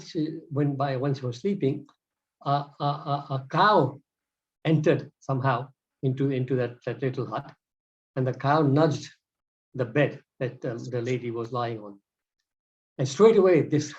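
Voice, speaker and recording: A man's voice: mid-range voice, dark tone, lo-fi sound. A man giving a devotional scripture lecture, telling stories in an earnest, stop-start way.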